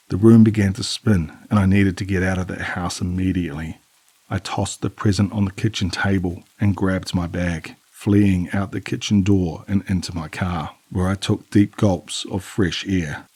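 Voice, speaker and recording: Deep husky male horror narrator. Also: darkish tone, no room sound. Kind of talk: scripted narration.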